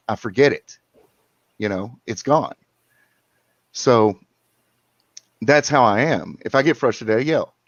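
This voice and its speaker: A male caller with a mid-range voice tells a long story in casual chat, rambling with restarts and repeats. The recording has muffled, lo-fi sound and no room sound.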